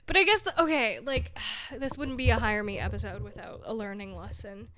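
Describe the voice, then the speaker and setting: A woman's voice: on the high side, a little fast, a bit bright. A young woman hosting her own podcast, rambling in a casual monologue, weary and discouraged but laughing at herself, near tears at times. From big city. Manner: rambling, self-deprecating, laughs often. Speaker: podcast host.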